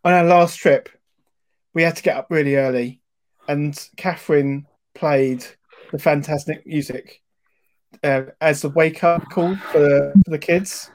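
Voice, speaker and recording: A man with a fairly high voice co-hosts a podcast. He is enthusiastic and quick to apologise, and he rambles through his anecdotes. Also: fairly even intonation, darkish tone. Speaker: podcast co-host. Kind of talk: casual chat.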